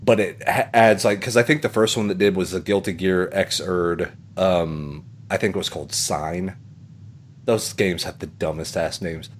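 A man's voice: low voice, fairly even intonation, moderate pace, a little hiss or hum. A man hosting a podcast, talking in a rambling casual way, with plenty of swearing, fillers and laughter. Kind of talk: casual chat.

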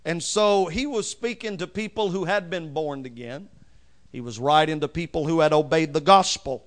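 A man preaching a sermon as pastor, reading scripture slowly with strong emphasis and calling for amens from the congregation. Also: fairly high pitch, a bit bright.

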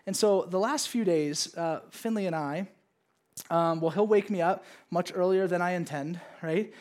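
Animated high-voiced male pastor. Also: moderate pace. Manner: casual, animated, acts out his kids and God in raised voices. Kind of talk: sermon. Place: church service with congregation.

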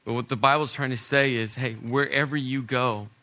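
A middle-aged man delivers a sermon with a bright, forceful tone. His pitch sits in an ordinary middle range, and he climbs to emphatic peaks before falling back to a quiet, soft close. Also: steady tone, moderate pace. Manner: storytelling preacher, rising to emphasis then dropping soft. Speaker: pastor.

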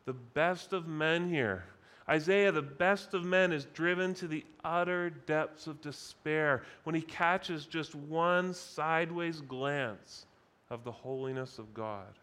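A man preaching a sermon at a conference, deliberate and emphatic, repeating key phrases for weight. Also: on the high side, a bit bright. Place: conference session.

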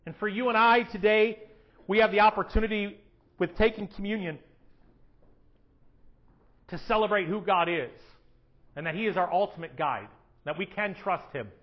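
A man with a high, light voice preaches a sermon from the front of a church. He is animated and acts out people's prayers in a raised voice. The sound is a little dull and lo-fi. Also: normal speed, long pauses. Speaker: pastor. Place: church sanctuary.

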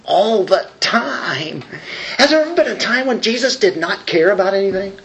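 This preacher's high, fairly bright voice swings widely in pitch as he delivers a conversational sermon on a low-quality recording. He elongates key words for emphasis, wanders into asides, and often uses fillers and restarts.

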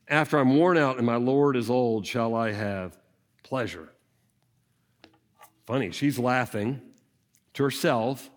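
A man preaching in a loose, conversational way, asking his listeners question after question. His voice sits a little high and swings widely in pitch, dropping low and quiet, then climbing up again. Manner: animated, conversational, rhetorical questions. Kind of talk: sermon.

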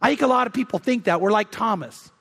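A male pastor delivering a sermon in a high voice. He tells stories and acts out the people in them, with a candid, self-deprecating touch. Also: fast, fairly bright tone, husky, in a large hall. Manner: storytelling, acting out quoted voices.

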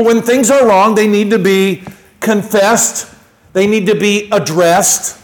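Male pastor, high voice, chatty sermon delivery with acted-out asides. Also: poor audio. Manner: conversational, acts out little quoted exchanges.

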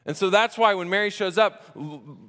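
Guy preaching from a church stage, chatty and animated, kinda high voice, lots of hall echo. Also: normal speed. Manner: conversational and animated, acting out the scripture scenes. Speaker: pastor. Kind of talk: sermon. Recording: echoey hall reverb.

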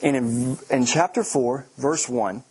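A man's voice: medium pitch, slow pace, husky. A man preaching a sermon, with joking asides and acted-out quotes. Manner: animated, joking asides, acts out quoted lines. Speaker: pastor.

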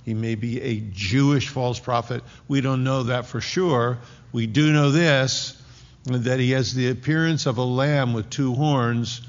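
A man preaching a sermon to his congregation in a relaxed, conversational way, with sarcastic asides. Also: medium pitch, long reverb tail, dull audio. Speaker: pastor.

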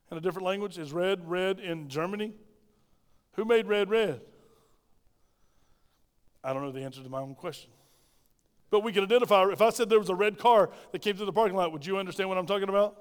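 High-voiced emphatic male pastor. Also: smooth. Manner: emphatic, asks the congregation questions. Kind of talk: sermon. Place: church. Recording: reverberant church hall.

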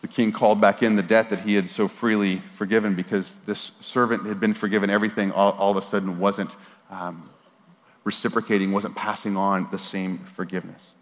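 A man preaching a casual, conversational sermon, animated and informal with slang and repeated words, at times dropping to a soft, earnest voice. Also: on the low side, fairly quick. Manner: drops to a soft, quiet voice for earnest moments. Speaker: pastor. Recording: long reverb of a large hall.

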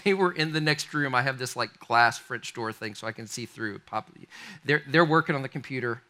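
A man preaching a sermon, telling a story in an animated, conversational way that speaks straight to his listeners. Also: mid-range voice, a little fast. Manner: animated, conversational, addresses the congregation directly. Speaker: pastor.

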